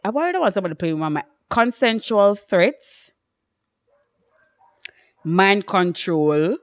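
A young woman, co-hosting a casual chat podcast and telling stories in an animated way, laughing often. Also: medium pitch, a little slow. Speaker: podcast co-host.

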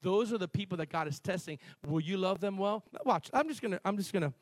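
Male pastor preaching, high-pitched and lively, restarts lines, dry close recording. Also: fast, dry recording. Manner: animated storytelling, shifting between loud emphasis and quiet asides; repeats and restarts phrases, calls on the congregation. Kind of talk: sermon.

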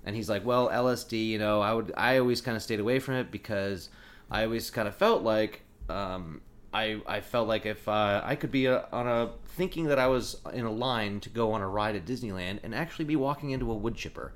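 A man's voice: lowish voice, fairly quick. A middle-aged man telling a long personal story in casual talk, full of "like" and restarts. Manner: rambling, lots of "like". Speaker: guest. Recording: faint background noise.

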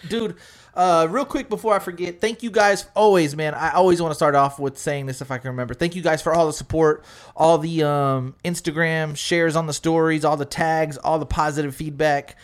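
A man hosting a podcast in casual banter, loud and joking with lots of swearing. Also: on the high side, fairly even intonation, a little fast. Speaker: podcast host.

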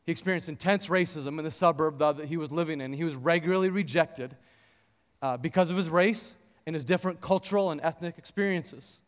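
Male pastor, high and smooth-voiced, sermon in a reverberant church. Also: fairly quick. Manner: storytelling, rising into fervent preaching with scripture. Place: church sanctuary.

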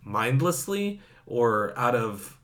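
A man's voice: mid-range voice, big pitch swings, slow pace, a bit bright. A man co-hosting a podcast, making his case in casual chat with lots of fillers. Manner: argumentative, many fillers like "like". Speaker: podcast co-host.

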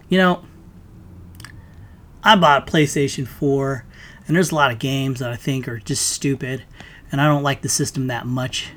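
A man's voice: medium pitch, normal speed, a bit bright, a little hiss or hum. Profane man ranting solo. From United States. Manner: profane, heated, sarcastic ranting. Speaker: podcast host. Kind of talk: solo rant.

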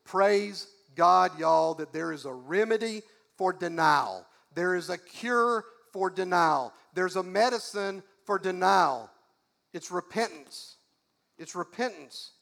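A pastor preaching in a high, gravelly voice. His delivery is folksy and emphatic, and he leans on repeated questions to drive each point home. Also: takes it slowly, fairly bright tone. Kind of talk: sermon.

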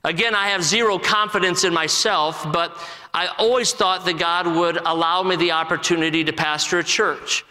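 A man in his forties, an assistant pastor, giving a personal testimony to his congregation in an earnest, halting way full of restarts. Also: high voice, steady tone, sharp tone, in a large hall, low-quality recording. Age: 40s.

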